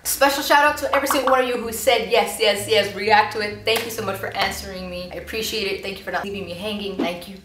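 A woman's voice: mid-range voice, steady tone, racing, hardly any pauses. A young woman hosting a casual reaction video, chatty and giggly, playfully voicing the people she watches. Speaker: YouTube reaction host. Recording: echoey room with faint noise.

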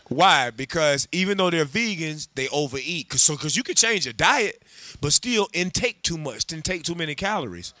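A man teaching a scripture class, animated and joking, calling on others to read. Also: fairly high pitch, brisk, no room sound. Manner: animated, humorous, calls on readers. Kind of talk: sermon.

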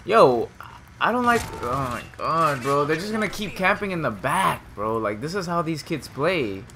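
A young man commenting on his own gameplay in a lively, up-and-down voice. He trash-talks the other players and breaks into sudden shouts. Game noise runs clearly underneath him. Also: on the high side. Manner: trash-talking, excitable, quick swings to shouting. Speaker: gameplay streamer. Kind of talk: casual live commentary over gameplay.

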